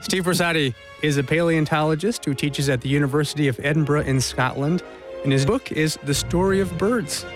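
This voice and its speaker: A man's voice: fairly high pitch, a little fast, over music. A man hosting a radio interview, asking curious, conversational questions. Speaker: radio show host.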